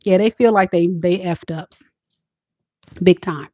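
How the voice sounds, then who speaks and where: A woman's voice: lowish voice, a little slow, mellow, dry recording, studio quality. A woman tarot reader chatting playfully and teasingly to her viewers in a casual reading.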